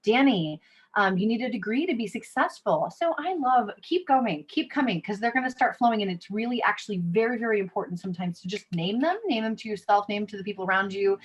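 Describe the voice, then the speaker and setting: A woman's voice: medium pitch, quick pace. A woman in her thirties hosts a live online session over a video call. Her talk is conversational and direct, and she often reads the audience's chat messages aloud. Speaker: workshop facilitator.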